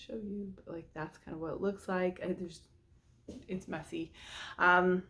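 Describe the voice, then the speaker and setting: With a fairly low pitch, fairly even intonation and a measured pace, a mother chats casually and nervously through her cooking vlog. Her speech is full of ums and likes, and there's a little hiss or hum in the recording.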